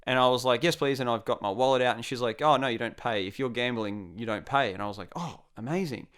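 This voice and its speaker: A young Australian man telling a casual anecdote, acting out the quotes in a lively way. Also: medium pitch, fast, clear, resonant tone. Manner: animated, acts out quotes. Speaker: storyteller guest.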